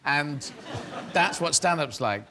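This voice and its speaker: A middle-aged man from England tells his stories in a rambling, self-mocking way, often laughing through his words. His voice sits a bit high for a man. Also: lively intonation, slow, bright, forceful tone, a faint crowd, slight background noise. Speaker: interview guest, comedian. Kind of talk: anecdotal storytelling.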